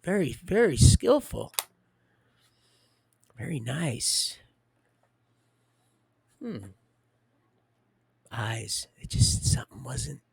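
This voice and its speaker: A man's voice: mid-range voice, very animated, very slow, vocal fry, long pauses, breathy edge. A man hosting a livestream, rambling and preachy, talking straight to his viewers. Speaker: livestream host.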